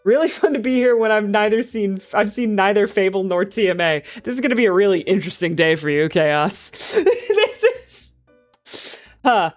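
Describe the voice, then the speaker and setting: An excitable woman streamer chatting casually with her viewers. She swears freely and breaks into laughs as she goes. Soft background music plays beneath her voice. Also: mid-range voice, normal speed. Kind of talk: casual livestream chat.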